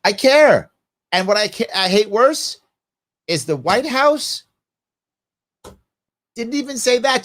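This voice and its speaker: A man's voice: extremely high pitch, animated, takes it slowly, long pauses, fairly bright tone. A middle-aged man hosting a live opinion show, giving emphatic commentary and talking back to clips he plays. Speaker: show host.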